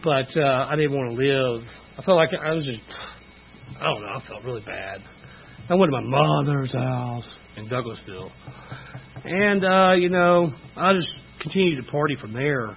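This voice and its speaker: A man's voice: mid-range voice, moderate pace, creaky, muffled recording, a little hiss or hum. Middle-aged man telling his story. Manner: candid, rambling, frequent "you know" fillers. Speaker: speaker sharing recovery story. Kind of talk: personal testimony at a recovery meeting.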